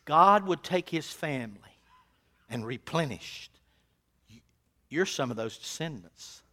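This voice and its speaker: A high, bright male voice preaching from a church pulpit. He drops to near-whispers, then climbs to loud, fervent exhortation. His phrasing is folksy and plainspoken, and he often repeats himself to drive a point home. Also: expressive, takes it slowly. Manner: swings from hushed to loud, preaching with fervor. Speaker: pastor. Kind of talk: sermon. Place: church sanctuary.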